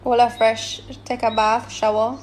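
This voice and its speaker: A woman's voice: on the high side, level tone, measured pace, slight background noise. A woman explaining patois words one by one.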